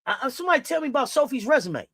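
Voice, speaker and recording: Brief: profane sports commentator, fiery, lively pitch, dry room. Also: rapid-fire, husky, no room sound. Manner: fiery, profane, swings from quiet to shouting. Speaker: sports talk host. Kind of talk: heated casual commentary.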